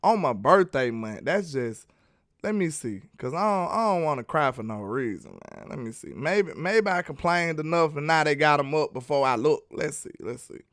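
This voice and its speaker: Analyzing football footage on a live stream, this man sounds a little high and a bit bright, animated and moderately paced, in a clean studio with no room sound. He keeps things casual, chatting, laughing and ribbing his viewers.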